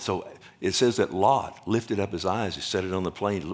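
A man's voice: fairly low pitch, normal speed. A man preaching a sermon as pastor, firing questions at his congregation and answering them himself, with the odd joke. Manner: jokes and laughs with the congregation.

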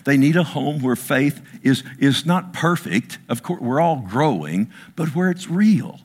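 A man's voice: on the high side, animated, measured pace. A middle-aged man preaching a sermon, telling a personal story with emotion and stumbling restarts. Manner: storytelling, emotional, repeats words. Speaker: pastor.

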